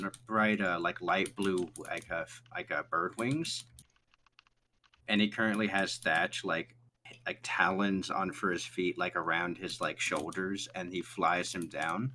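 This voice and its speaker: Low, bright-voiced game master. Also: male voice, slight background noise. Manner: rambling, hedging with fillers. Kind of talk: narrating a tabletop game.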